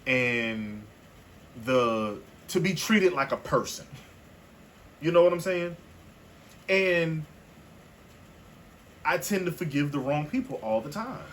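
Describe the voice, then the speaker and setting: Playful podcast cohost dude, bright voice jumping all over, light noise under it. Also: male voice, fairly high pitch, animated, slow pace, long pauses. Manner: playful, laughing, easygoing. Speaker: podcast co-host. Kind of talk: casual chat.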